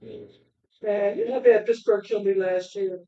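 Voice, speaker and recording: A man trading sports picks in a restaurant bar, joking and animated in his trash talk. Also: high voice, unhurried, echoey room, distant mic, highs cut off. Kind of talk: casual sports banter.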